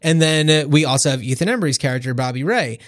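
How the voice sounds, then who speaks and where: Fairly high-pitched and a bit bright, this man talks fast while co-hosting a podcast. He chats loosely about a film, full of fillers and false starts, on a dry, clean studio recording.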